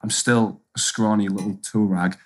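A man's voice: fairly low pitch, fairly even intonation. A man, a podcast guest chatting casually and joking around. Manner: jokey, laughing, quick to riff. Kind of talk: casual chat.

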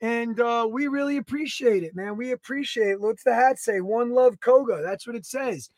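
Excitable high-voiced man in his thirties. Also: moderate pace, no room sound. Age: 30s. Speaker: podcast co-host. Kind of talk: casual podcast banter.

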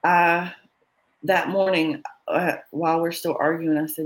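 A woman's voice: fairly low pitch, little pitch movement, poor audio. Woman telling a candid personal story. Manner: candid, halting, heavy with fillers; often quotes others in dialogue. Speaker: interview guest.

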